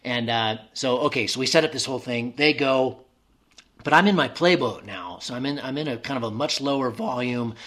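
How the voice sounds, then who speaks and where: A man's voice: mid-range voice, a bit bright. Man telling a story, many restarts. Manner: halting, many restarts, acts out remembered inner dialogue. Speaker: guest telling a personal story. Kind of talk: casual spoken storytelling.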